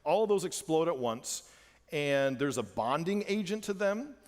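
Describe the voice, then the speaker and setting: Dad giving a talk at church, animated, repeats stuff for emphasis, kinda high voice, echoey hall. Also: male voice, unhurried. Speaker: presenter, father. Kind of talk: church presentation to parents.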